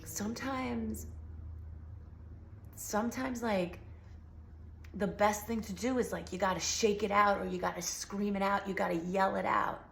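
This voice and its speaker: A woman's voice: mid-range voice, steady tone, a little slow, vocal fry, pauses often, roomy sound, slight background noise. A woman vlogger in a casual, earnest talk to camera, rambling with many fillers, her voice slightly sore. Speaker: healing vlogger.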